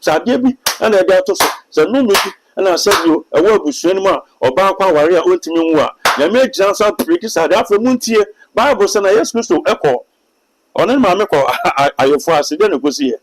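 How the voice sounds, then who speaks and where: A man's voice: high voice, lively intonation, fast talker, a little hiss or hum, poor audio. A Ghanaian man, a pastor and prophet, speaks emphatically in a sermon-like way during an interview, with a Ghanaian accent. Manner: emphatic, sermon-like, mixing in English phrases. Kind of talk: preaching in an interview.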